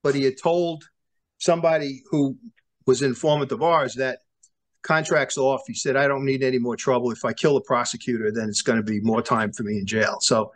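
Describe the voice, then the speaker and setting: A man's voice: mid-range voice, a little fast. A man, a former prosecutor telling long stories as an interview guest, acting out the lines of the people in them, with many restarts. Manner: animated storyteller who acts out quoted dialogue, many restarts. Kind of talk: storytelling in a sit-down interview.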